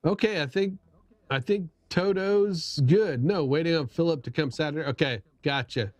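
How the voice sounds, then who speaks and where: A man's voice: fairly high pitch, normal speed, no room sound. A middle-aged man hosting a casual livestream chat, rambling and poking fun at himself, with lots of restarts. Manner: rambling, self-deprecating, many restarts. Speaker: livestream host.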